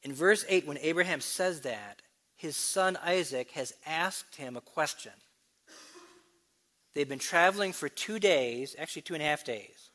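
A man's voice: fairly high pitch, fairly bright tone. Man preaching an expository sermon. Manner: expository teaching, shifts between brisk asides and slow emphatic reading.

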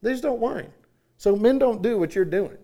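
A man preaching a sermon in a storytelling manner, often clearing his throat. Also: high-pitched, expressive, normal speed, warm tone.

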